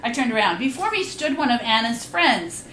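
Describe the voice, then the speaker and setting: A woman in her fifties reads her memoir aloud at a live event, wry and candid, tossing in frank asides. Her voice is bright and a little high. The room is echoey, with faint noise behind her. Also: sing-song, normal speed. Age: 50s. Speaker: reading series host and author. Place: live reading venue.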